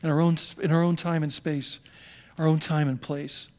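A man's voice: fairly high pitch, flat delivery, moderate pace, a little mellow. A male pastor preaching a sermon, telling a scripture story with animation and asking the congregation questions.

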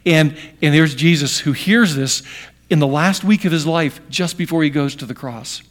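A middle-aged man preaching a sermon to fathers, building to loud emphasis and then dropping to a hush. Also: on the high side, normal speed. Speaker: pastor.

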